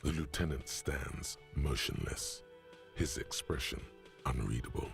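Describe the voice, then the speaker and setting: A man voicing the narrator of a detective game, calm and descriptive, speaking to the player in second person. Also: rumbling low, measured pace, vocal fry, faint music behind, full character voice. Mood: ominous.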